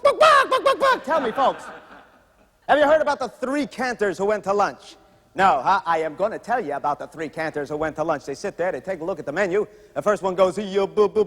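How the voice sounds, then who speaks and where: An actor playing a wisecracking old-time vaudeville comedian in a stage musical, hammy and full of silly noises. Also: male voice, high voice. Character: brash old-time male vaudeville stand-up comic. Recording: stage recording with long hall reverb.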